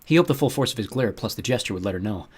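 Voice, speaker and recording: A man's voice: lowish voice, lively intonation, very fast, breathy edge. A man narrating an audiobook, telling the story expressively and voicing its characters. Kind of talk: scripted narration.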